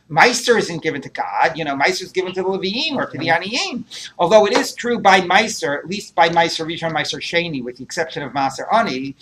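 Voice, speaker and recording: A man's voice: on the high side, fairly bright tone, slight background noise. A man teaching a Talmud class, working through texts aloud with many rhetorical questions and fillers.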